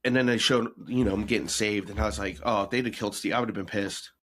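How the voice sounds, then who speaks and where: A man co-hosting a podcast in casual chat, talking bluntly with mocking, animated rants. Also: fairly low pitch, fast. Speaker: podcast co-host.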